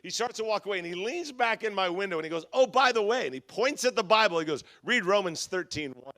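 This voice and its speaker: A man's voice: high-pitched, animated, fast, bright, forceful tone. A man preaching at a church leadership conference, telling humorous stories and acting out the voices of the people in them. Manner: humorous storytelling with quoted voices. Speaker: pastor. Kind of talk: conference sermon.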